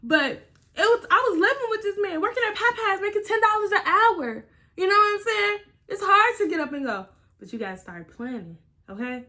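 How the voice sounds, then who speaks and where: A woman vlogger telling a personal story and giving blunt relationship advice, with emphatic, animated delivery and plenty of swearing. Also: very high voice, brisk. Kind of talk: casual storytelling vlog.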